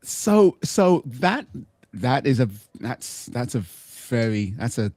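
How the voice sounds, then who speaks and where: A man's voice: mid-range voice, very animated, slow, a little mellow, no room sound, clean studio sound. A man hosting a casual live chat show on a video call, playful and teasing with his guest. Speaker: host.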